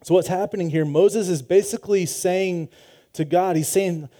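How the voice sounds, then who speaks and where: A man's voice: high-pitched, steady tone, normal speed, warm tone. A man preaching a sermon, talking through scripture conversationally with fillers and restarts. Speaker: pastor.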